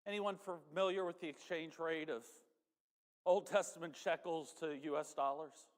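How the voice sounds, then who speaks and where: A man's voice: fairly high pitch, fairly even intonation, normal speed. A man preaching a sermon in a church, conversational and folksy, speaking straight to the congregation. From northern United States. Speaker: pastor. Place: church sanctuary. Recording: church hall reverb.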